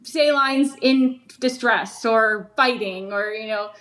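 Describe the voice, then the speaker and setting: A woman's voice: on the high side, slow pace, fairly bright tone. A woman guest chatting casually about voice acting, chatty and giggly. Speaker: podcast guest, voice actor. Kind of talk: casual chat.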